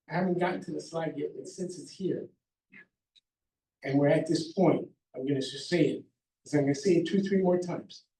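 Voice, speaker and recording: Heard from far away in a roomy hall, a middle-aged contractor whose voice sits high with a darkish tone emphatically advises a seminar crowd. He walks through numbered points and frequently asks "okay?".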